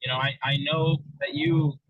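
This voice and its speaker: A cunning, insistent old hag from a fairy tale, as a man tells it, coaxing and pleading. The voice is slightly high and dry. The recording sounds dull and lo-fi. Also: sing-song, moderate pace, dry recording.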